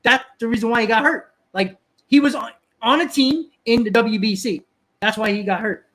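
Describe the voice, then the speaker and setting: A man's voice: extremely high pitch, moderate pace, fairly bright tone. A man hosting a live stream, ranting casually, often repeating and restarting words and answering viewers in the chat.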